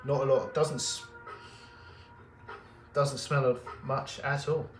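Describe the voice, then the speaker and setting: In an open, echoey jewellery workshop with music clearly audible behind him, a man livestreams while he works, chatting casually in a wry, rambling manner. His voice is mid-range, level in tone and slow.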